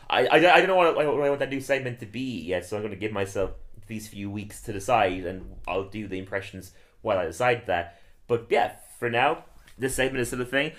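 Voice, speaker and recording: A man's voice: medium pitch, a bit bright. A man hosting a podcast in casual, rambling chat, often stammering over restarts. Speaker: podcast host.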